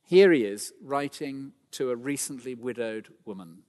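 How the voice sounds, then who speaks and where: A middle-aged man delivers a church sermon, his voice pitched in an ordinary middle range. He speaks earnestly, rises to fervent emphasis, and drops in fillers and restarts. The sound carries a long reverb from a large hall. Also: lively intonation, unhurried, darkish tone. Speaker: preacher.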